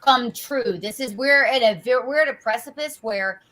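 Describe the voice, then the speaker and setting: A woman's voice: a little high, moderate pace, fairly bright tone, low-quality recording. Conversational woman hosting political talk. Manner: conversational, with frequent fillers and rhetorical asides. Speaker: political talk show host.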